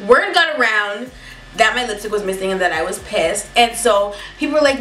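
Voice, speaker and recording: A woman telling a story in a casual, animated and profane way. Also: medium pitch, moderate pace. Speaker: beauty vlogger telling a story. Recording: echoey room, mic at a distance.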